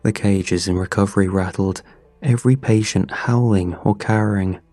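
A man narrating a scripted horror story in a measured, somber way. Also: lowish voice, steady tone, mellow, dry recording, faint music behind.

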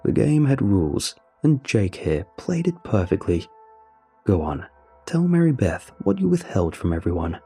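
A man voicing a cackling, sadistic masked ringleader who taunts his captives, muffled behind his mask, with a dark, husky tone. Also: on the low side, sing-song, measured pace, faint music behind, exaggerated voice. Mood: gloating.

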